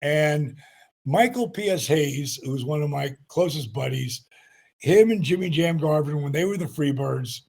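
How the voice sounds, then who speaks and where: Male guest, sixties, lively storyteller, gravelly and raspy. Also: on the high side, normal speed. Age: 60s. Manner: animated anecdotes, acts out quotes. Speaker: guest, retired pro wrestler. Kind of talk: storytelling interview.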